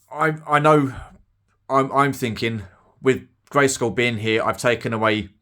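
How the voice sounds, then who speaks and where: Low-voiced British man, casual and rambling. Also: sharp tone. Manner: self-deprecating, rambling with fillers. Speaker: toy collector vlogger. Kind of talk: casual unboxing commentary.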